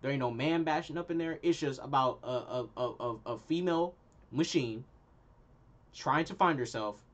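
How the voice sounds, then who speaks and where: A man's voice: medium pitch, normal speed, muffled recording. A young man hosting his own channel, giving a heated, slangy movie review full of repeated punchlines. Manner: slangy, heated and emphatic, repeats lines for effect. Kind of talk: casual ranting review.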